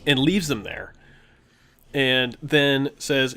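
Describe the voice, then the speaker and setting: A young man telling a long tabletop game story in a casual chat, animated and often laughing as he quotes the players. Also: mid-range voice, unhurried. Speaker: podcast co-host telling a story.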